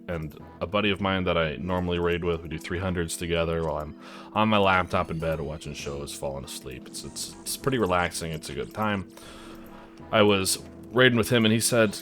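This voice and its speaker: Deep male gaming creator, casual profane storyteller, soft music bed. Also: fairly quick. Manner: laid-back, profane, rambling with frequent restarts and laughs. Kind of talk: casual gameplay commentary and storytelling.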